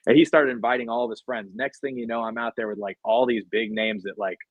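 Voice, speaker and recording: A man's voice: mid-range voice, fairly even intonation, fast, no room sound, narrow, tinny audio. A man, a podcast guest, telling his career story in casual, rambling talk full of fillers. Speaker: podcast guest, sports agent. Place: podcast studio.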